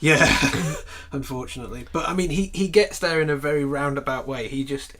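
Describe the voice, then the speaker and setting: A man's voice: a little high, normal speed, fairly bright tone. A man co-hosting a podcast, talking casually about a film with many fillers, restarts and the odd swear. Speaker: podcast co-host.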